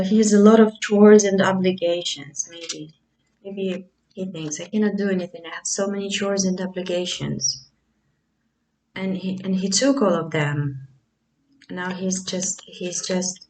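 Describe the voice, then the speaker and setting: Lady doing a tarot reading, slow and hesitant, lowish voice, bit far from the mic. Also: darkish tone, slight background noise. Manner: slow, musing, hesitant with many fillers. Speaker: tarot reader. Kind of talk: casual tarot reading to camera.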